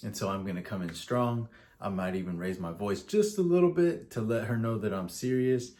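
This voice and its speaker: A man co-hosting a relationship advice podcast speaks frankly and earnestly. His voice sits somewhat low, and he drops in light joking asides. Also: fairly quick, dark tone. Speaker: podcast co-host. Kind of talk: casual advice chat.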